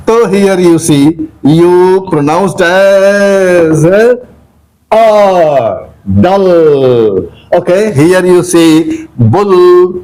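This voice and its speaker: An Indian English man with a highish voice teaches pronunciation at a very slow, drawn-out pace. He spells each word out letter by letter and repeats it, often addressing his listeners as "dear". His delivery is patient and methodical, like a classroom lesson. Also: a little mellow, poor audio. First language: Hindi.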